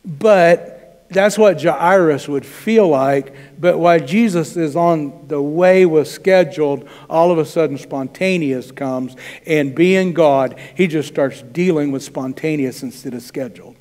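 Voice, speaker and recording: A man's voice: fairly high pitch, unhurried, darkish tone. A man preaching a sermon as pastor, talking in a conversational way and acting out quoted dialogue. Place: church sanctuary. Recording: church hall reverb.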